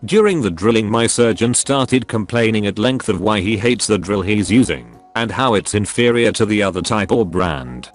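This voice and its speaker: A man giving scripted narration of online stories in a steady, even reading that sounds out abbreviations letter by letter. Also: fairly low pitch, normal speed, hardly any pauses, faint music behind.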